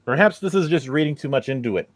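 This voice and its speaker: A man's voice: on the high side, lively intonation, quick pace, no echo. A man hosting a casual podcast, reading a review aloud and mocking it with crude sarcasm. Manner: sarcastic, profane, heckles as he reads.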